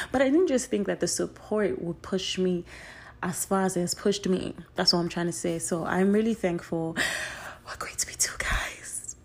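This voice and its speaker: A woman's voice: fairly low pitch, creaky, breathy edge. Effusive young woman hosting a podcast. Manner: effusive, repeats phrases for emphasis; swings between excited bursts and soft trailing asides. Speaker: podcast host. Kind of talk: solo podcast chat.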